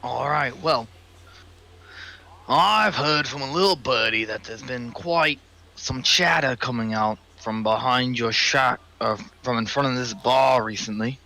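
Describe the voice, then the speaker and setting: A man's voice: medium pitch, unhurried, bright, forceful tone. A man playing a tabletop game, talking in character in a casual, prying way. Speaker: player. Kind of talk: in-character tabletop role-play.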